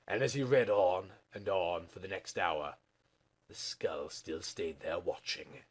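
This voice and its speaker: Give me a man reading aloud in a hammy, melodramatic way with wide pitch swings. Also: expressive, a little slow, slightly rough. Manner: over-the-top, melodramatic delivery. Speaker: channel host reading aloud. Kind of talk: comic dramatic reading.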